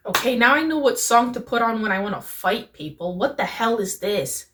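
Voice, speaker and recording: A young woman hosting a reaction video, gushing in excitable, slangy exclamations as she reacts. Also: on the high side, normal speed. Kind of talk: excited casual reaction commentary. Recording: distant mic with music playing behind.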